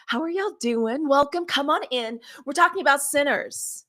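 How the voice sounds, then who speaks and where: A woman's voice: sits high, animated, moderate pace. A woman in her fifties from Mississippi chats on her own livestream. She gushes over her viewers, welcomes them again and again, and keeps saying "y'all". Her talk is loose and unscripted, with many ums and restarts. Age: 50s. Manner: warm, effusive greetings to viewers, lots of "y'all". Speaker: livestream host. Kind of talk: casual livestream chat. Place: home setup.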